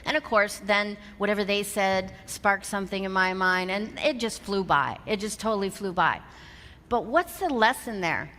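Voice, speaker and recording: A woman's voice: mid-range voice, moderate pace. A woman in her fifties giving a motivational keynote to a live audience, telling stories animatedly and acting out the dialogue. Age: 50s. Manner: animated storyteller who acts out quoted dialogue. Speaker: motivational seminar speaker. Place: large hall with an audience. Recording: long hall reverb, faint background noise.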